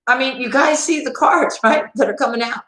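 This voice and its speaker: A woman's voice: sits high, brisk, fairly bright tone, reverberant, poor audio. A woman tarot reader chatting to viewers on a live-stream reading, talking to them directly and laughing often.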